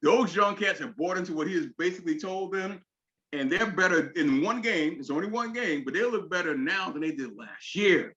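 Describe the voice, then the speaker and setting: Fired-up ranting man, high bright voice. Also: normal speed, muffled recording. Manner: animated, ranting, swears freely. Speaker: sports radio co-host. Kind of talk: heated sports talk.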